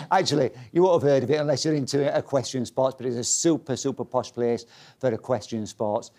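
A man's voice: mid-range voice, normal speed, dark tone. A man giving a humorous motivational talk to a live audience, playful and self-mocking, teasing the crowd. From Yorkshire, England. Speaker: speaker.

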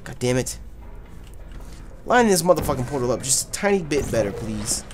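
A man hosting a let's play, commenting loudly and profanely, often yelling at the game. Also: medium pitch, moderate pace, background noise. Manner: loud, profane, excitable, yells at the game. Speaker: gaming channel host.

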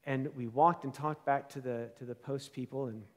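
A middle-aged man preaching a sermon, telling a personal story in an animated, self-deprecating way that swings from loud to hushed. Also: mid-range voice, moderate pace. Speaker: pastor. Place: church sanctuary. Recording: long church reverb.

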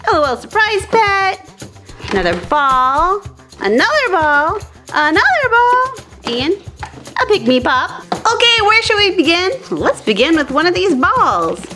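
Very high-voiced, playful woman toy host. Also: big pitch swings, normal speed, over music. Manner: gushing and playful. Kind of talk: pretend play narration with dolls.

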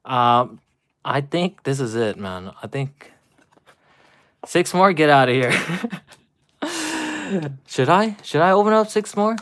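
A man's voice: medium pitch, lively intonation, slow, long pauses, fairly bright tone. Man, live streamer, laughing, chatty, out of breath, talking to chat. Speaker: card-opening live streamer.

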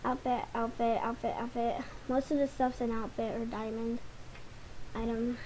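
A woman's voice: fairly high pitch, little pitch movement, normal speed, mellow, a little hiss or hum, rough recording. A young woman casually rambling to her viewers while sorting through game items. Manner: rambling, chatty, talks to viewers. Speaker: gaming channel host. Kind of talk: casual commentary over gameplay.

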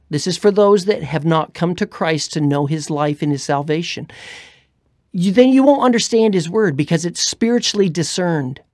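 A woman's voice: fairly low pitch, dry recording. Woman preaching on the radio, fervent, drops to whispers, dead dry studio mic. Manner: fervent, swings between loud urging and hushed whispers. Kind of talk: preaching, prophetic exhortation.

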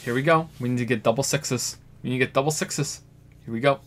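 Dude streaming a game, reads out the dialogue, wry sarcastic asides, casual chat. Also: male voice, mid-range voice, fast talker. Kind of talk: casual let's-play commentary, reading game text aloud.

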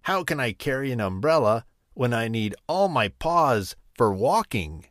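A man's voice: mid-range voice, big pitch swings, measured pace, a bit bright, no echo, studio quality. A man voicing a hungry, boastful tiger in a children's story, threatening and vain.

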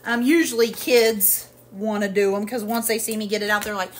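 Standing in her kitchen at home, a woman rambles through a casual haul video, using lots of fillers as she talks about her products. She speaks at a moderate pace in a medium pitch, and the background is noisy.

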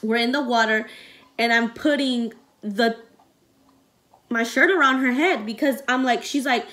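A woman's voice: a little high, measured pace, sharp tone. Young woman telling an emotional story. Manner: rambling and emotional, many fillers. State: close to tears. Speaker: vlogger.

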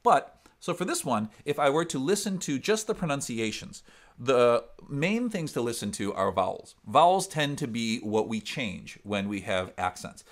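A man's voice: mid-range voice, very animated, moderate pace. Resonant upper Midwest man teaching singing. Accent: upper Midwest American. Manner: explains step by step, breaks into sung demonstrations. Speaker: singer and vocal coach. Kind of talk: vocal lesson, explaining and demonstrating.

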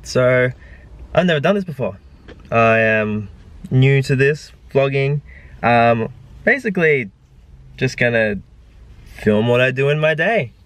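Speaking at a medium pitch with lively intonation, this Australian man sounds fairly bright, a little slow, and often pauses. He's a personal trainer and first-time vlogger chatting to a handheld camera in his car, rambling and joking self-mockingly about his day.

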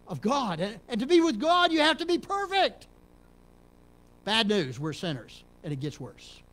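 A middle-aged man from Texas, a pastor preaching a sermon in a church, dropping to low murmurs and rising to loud emphatic peaks. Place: church sanctuary.

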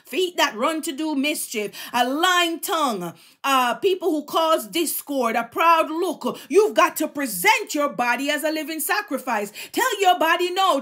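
Fervent high-voiced woman preaching. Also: a bit bright. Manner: fervent, exhorting, emphatic repetition. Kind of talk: sermon.

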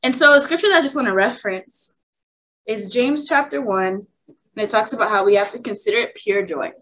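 A woman's voice: mid-range voice, a little fast, fairly bright tone, rough recording. A young woman speaking at a women's workshop, sharing an emotional personal testimony in a heartfelt, candid way.

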